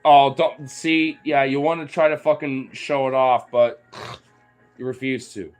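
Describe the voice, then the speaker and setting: A man's voice: medium pitch, little pitch movement, measured pace, soft background music. A young man talking playfully to his dogs, teasing them and swearing as he goes. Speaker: dog owner vlogger. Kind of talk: casual talk to his dogs.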